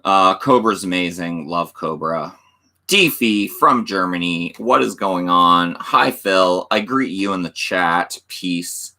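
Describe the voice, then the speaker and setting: Deep, slow-talking man host. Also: bright, forceful tone. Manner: reads chat aloud, mock auctioneer banter. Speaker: livestream host. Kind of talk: casual livestream chat.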